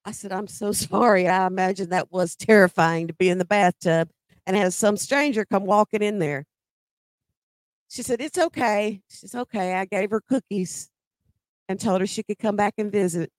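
A woman's voice: mid-range voice, steady tone, normal speed, no room sound. A middle-aged woman telling a personal story in a conversational way, with emphatic quoted dialogue.

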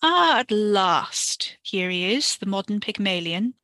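A woman voicing a teasing male mystic guide who speaks in a lilting, calm and goading way. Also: medium pitch, slow, no room sound, heavily acted.

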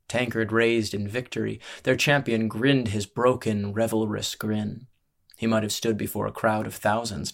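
A man reading a fantasy audiobook as narrator, with measured, dramatic storytelling. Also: fairly low pitch, creaky.

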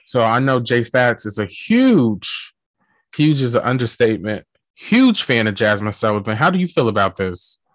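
A man's voice: medium pitch, sing-song, moderate pace, no echo. A man hosting a casual chat who reads a short news item and then puts a question to his guest.

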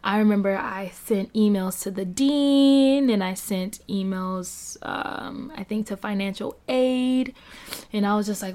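Young woman, casual faith testimony, rambling and filler-heavy, mid-pitched, laughs often. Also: normal speed, darkish tone. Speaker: Christian speaker sharing a testimony.

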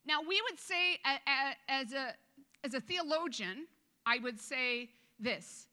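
A woman pastor delivers a relaxed, joking sermon, dropping into quick acted asides. Her slightly high voice is bright, clear, and expressive, and her conversational delivery includes many restarts.

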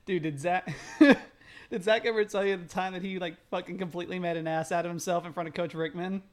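A man's voice: high-pitched, steady tone, fast, a little hiss or hum. A young man on a podcast telling a story animatedly, swearing often and acting out the people he quotes. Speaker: podcast co-host. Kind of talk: casual chat.

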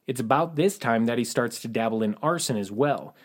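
A man's voice: mid-range voice, lively intonation, fairly quick. A man hosting a true crime podcast, narrating in a matter-of-fact way with wry asides. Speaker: podcast host.

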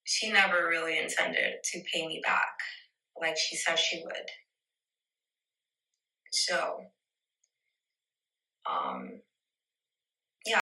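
A woman's voice: low voice, wildly swooping pitch, extremely slow, pauses often, sharp tone. A young woman in a played video clip, speaking in a subdued, hesitant way. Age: young adult. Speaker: scam victim in a played clip. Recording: roomy, distant clip.

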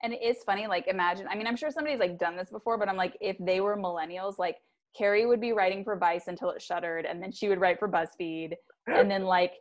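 A woman's voice: medium pitch, fast talker. Chatty, giggly woman podcast host. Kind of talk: casual podcast chat.

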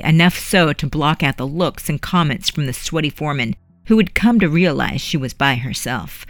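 A narrator reads a historical story in a measured, dramatic way, pitched mid-range. The recording is dry and close, with no room sound. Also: no echo. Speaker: audiobook narrator. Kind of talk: scripted narration.

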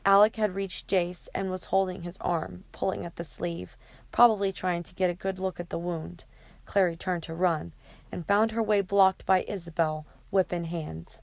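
A woman narrating an audiobook chapter in a steady, even reading. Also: fairly low pitch, moderate pace, creaky, dry recording.

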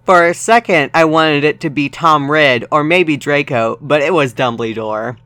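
A man's voice: on the high side, moderate pace, bright, forceful tone, smooth, dry recording. A young man hosting a comedy podcast, reading fan fiction aloud with theatrical, mock-dramatic overacting.

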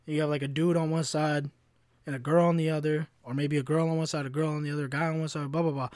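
A man's voice: a little high, little pitch movement, quick pace, a little mellow, dry recording, clean studio sound. A man in his twenties hosting a solo podcast, telling heated, profane stories full of slang. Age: 20s. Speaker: podcast host.

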